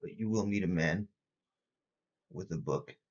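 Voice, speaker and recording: A man voicing a cold entity that speaks through a young man in a flat monotone. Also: deep voice, unhurried, muffled recording. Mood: flat, cryptic.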